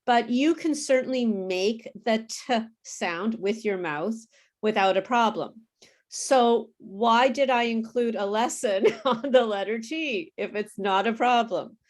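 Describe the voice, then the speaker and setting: A woman tutoring English pronunciation over a video call, explaining slowly and patiently. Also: on the high side. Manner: slow, careful teacher explaining with apologies and laughs. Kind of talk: online pronunciation lesson.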